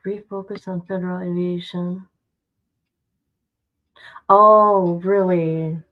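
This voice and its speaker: A woman's voice: mid-range voice, unhurried. Blunt, chatty woman streamer, slightly muffled. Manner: chatty, blunt, talks straight to her audience. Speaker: streamer reacting to news. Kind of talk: casual live commentary to viewers.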